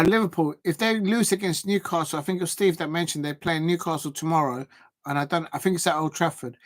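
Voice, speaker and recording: Male, 40s; casual football stream host, loose and rambling, lots of ums. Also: on the high side. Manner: rambling, chatty, thinks aloud with many fillers. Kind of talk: casual live chat reacting to viewers.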